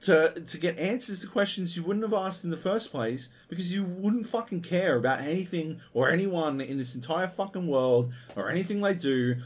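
A man's voice: a little high, breathy edge. A man co-hosting a video game podcast, ranting in a casual, profane and exasperated way. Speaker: podcast co-host.

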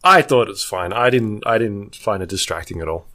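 A man co-hosting a podcast, laid-back and soft-spoken, mostly giving easygoing replies. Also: fairly low pitch, brisk. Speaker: podcast co-host. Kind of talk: casual chat.

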